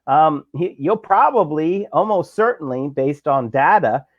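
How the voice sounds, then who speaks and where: A man's voice: fairly high pitch, expressive, no echo. Fired-up man on dull, dry audio. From Pittsburgh. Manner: passionate and sarcastic, halting with many fillers. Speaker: labor reporter, guest. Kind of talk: casual political chat.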